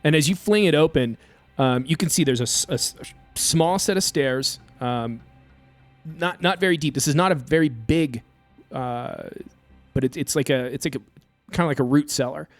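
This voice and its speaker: A man narrating as game master of a tabletop game, halting with many fillers. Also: fairly high pitch, no room sound, soft background music.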